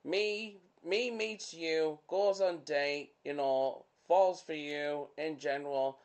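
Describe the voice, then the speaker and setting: A man's voice: fairly high pitch, slow. A young man hosting a podcast in a casual chat. He rambles with lots of fillers and keeps breaking into fits of laughter. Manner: rambling, full of "like" and "you know" fillers. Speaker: podcast host.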